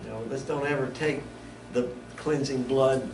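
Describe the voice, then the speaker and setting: A man teaches a Bible study in a relaxed, conversational way, breaking off and restarting his thoughts. He is picked up from a distance in an echoey room. A steady hiss of background noise sits under his voice. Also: medium pitch, normal speed. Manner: conversational, stops and restarts often.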